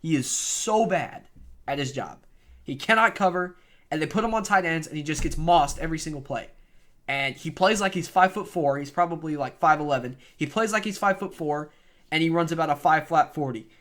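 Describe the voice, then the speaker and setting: Ranting young man, fairly high voice. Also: brisk. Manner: opinionated, animated, ranting. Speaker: sports fan vlogger. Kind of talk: unedited sports rant.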